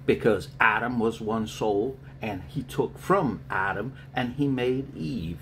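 A middle-aged man, a spiritual reader, answering viewer questions in a rambling, animated way with frequent laughter. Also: medium pitch, slow, slight background noise. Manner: rambling, animated storyteller who laughs often.

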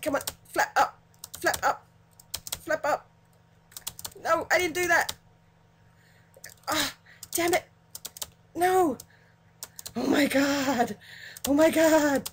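A woman narrates her own gameplay in an excitable, giggly way, cursing cheerfully when things go wrong. She talks at a slow, drawn-out pace in a slightly high voice. Faint keyboard clicks sit underneath. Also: slight background noise. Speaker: gaming channel host. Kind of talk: let's play commentary.

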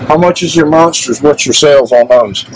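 A man walks through a small shop with his phone, listing goods and deals in a folksy, joking patter. His voice sits a bit on the high side, with faint background noise around him. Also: normal speed, poor audio. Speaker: vlogger touring a store. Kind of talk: folksy promotional walkthrough.

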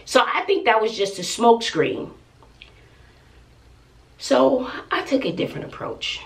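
A gravelly-voiced woman in her forties with a Texan accent vents to her vlog audience, emphatic and exasperated. Her voice sits a bit back from the microphone, with a rough fry running through it. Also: fairly high pitch, big pitch swings, a little slow, distant mic. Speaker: family vlogger. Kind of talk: venting to camera.

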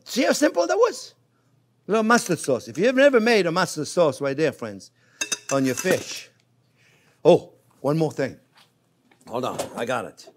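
Lively, chatty male TV chef. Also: mid-range voice, a little hiss or hum. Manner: playful, chatty, keeps calling the viewers friends; enthusiastic, gushes over the food. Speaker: chef and cooking show host. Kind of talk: casual cooking demonstration. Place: kitchen.

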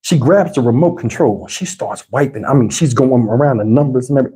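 A man hosting a livestream, telling a story in a casual way that is animated and profane, with frequent laughter. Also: medium pitch, fast, hardly any pauses. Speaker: livestream host. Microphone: wireless lapel mic.

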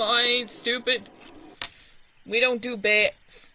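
A gamer who chats casually and swears a lot while playing, reacting out loud to the screen. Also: medium pitch, animated, measured pace, slight background noise. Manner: profane, laughing, talking to the screen. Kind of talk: casual gameplay chat.

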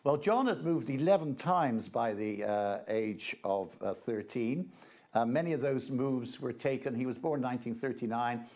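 A man's voice: mid-range voice, normal speed, darkish tone. Man giving a chatty slide-show talk. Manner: chatty, hesitant, with frequent 'uh' fillers. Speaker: guest presenter, reverend. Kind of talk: informal slide-show lecture.

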